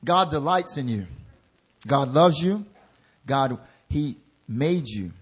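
Intern pastor preaching with loud, rising exhortation. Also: male voice, lively intonation, slow, slightly rough. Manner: swings from soft, low asides to loud, rising exhortation. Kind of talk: sermon.

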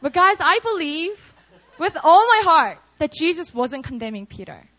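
A woman's voice: very high-pitched, big pitch swings, normal speed, a bit bright, poor audio. A young woman preaching a casual, storytelling sermon, chatty and full of "like" and "you know". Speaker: preacher at a prayer meeting.

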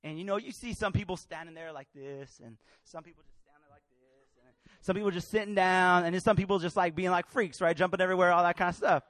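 High-voiced preacher, hushed to shouting. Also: male voice, fast, no room sound. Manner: swings from hushed to loud, acts out voices. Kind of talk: sermon with personal story.

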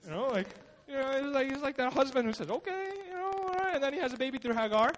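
A man's voice: extremely high pitch, rapid-fire, a bit bright. A male pastor giving a casual, conversational sermon at a church service, telling the story informally with lots of fillers. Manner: informal storytelling, acts out quotes, many fillers.

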